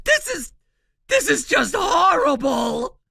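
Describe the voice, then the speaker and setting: A woman voicing an arrogant young male designer who shouts and whines defensively in an animated story. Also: high voice, slow, creaky, no echo, studio quality, full character voice. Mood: desperate.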